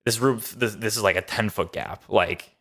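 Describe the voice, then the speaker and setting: Man, deep voice, casual show recap, excited and rambly. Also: normal speed. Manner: enthusiastic, loose with many fillers. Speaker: show reviewer.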